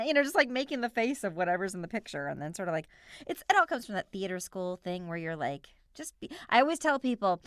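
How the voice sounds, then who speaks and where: A woman voice actor chatting as an interview guest, telling stories in an animated way with laughs and vocal noises. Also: sits high, fast, dry recording, clean studio sound. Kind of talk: casual interview chat.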